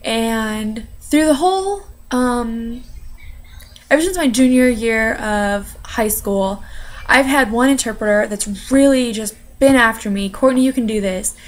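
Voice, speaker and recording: A young woman speaks about her studies in a relaxed, rambling way. Her voice sits a little high. She leans on fillers and restarts as she goes. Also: takes it slowly. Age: young adult. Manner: chatty, many fillers and "you know". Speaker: interpreting student. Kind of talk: casual personal account.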